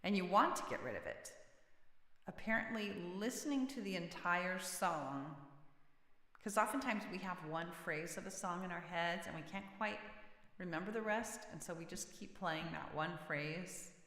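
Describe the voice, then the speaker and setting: A woman's voice: fairly low pitch, normal speed, sharp tone. A woman hosting a casual music livestream, chatting with viewers, reading their comments aloud and laughing often. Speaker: singer-songwriter livestream host. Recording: roomy with long reverb.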